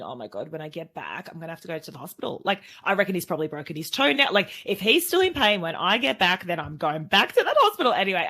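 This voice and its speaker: Animated Australian woman telling a story. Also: on the low side. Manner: animated storyteller, laughs often. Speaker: podcast co-host. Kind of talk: casual chat.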